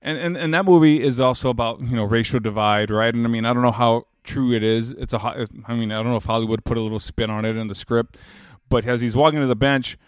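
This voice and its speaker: A man's voice: medium pitch, steady tone, fast talker, few pauses, clear, resonant tone, no room sound, clean studio sound. A man in his thirties telling an emotional personal story in an earnest, reflective way, rambling with many restarts and growing more emphatic as he makes his points. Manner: grows louder and more emphatic when making a point.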